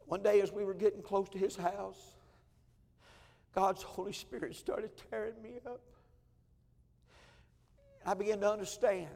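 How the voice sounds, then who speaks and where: A male pastor preaches from the front of a church, telling a story with feeling and circling back over his words. His voice sits a little high for a man, and a long hall reverb trails behind it. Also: gravelly, warm tone. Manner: heartfelt, emotional telling with many repeated phrases. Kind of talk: storytelling sermon. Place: church sanctuary.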